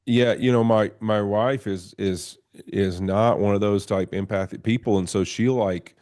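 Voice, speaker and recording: Low-voiced man rambling in a relaxed interview. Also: a little slow. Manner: rambling, relaxed, many fillers like "you know" and "like". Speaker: podcast guest, retired athlete. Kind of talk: casual interview chat.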